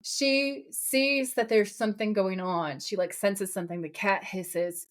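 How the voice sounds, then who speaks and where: Woman, podcast co-host, playful scene recap, lively pitch. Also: a little slow. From raised partly in America. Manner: animated, playful, retells scenes with quoted lines. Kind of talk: casual episode recap chat.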